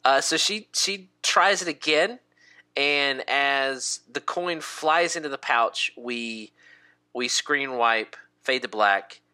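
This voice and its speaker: Slow-talking male game master, bright voice. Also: medium pitch. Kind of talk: narrating a tabletop game.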